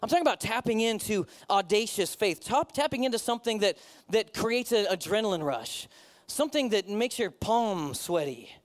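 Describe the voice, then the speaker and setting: A middle-aged man preaching as a pastor, conversational and animated, with joking asides to the congregation. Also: sits high, normal speed. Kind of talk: sermon.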